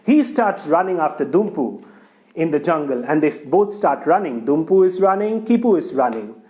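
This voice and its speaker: A man's voice: on the high side, moderate pace. A man telling a folk tale aloud, speaking straight to his listeners. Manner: lively, addresses the listener directly. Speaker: storyteller. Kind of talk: oral folk storytelling.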